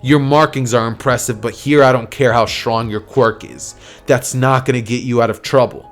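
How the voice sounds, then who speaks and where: A man's voice: mid-range voice, steady tone, moderate pace, faint music behind, lightly acted. A man doing a stern, weary teacher. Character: stern weary male teacher, dry and strict.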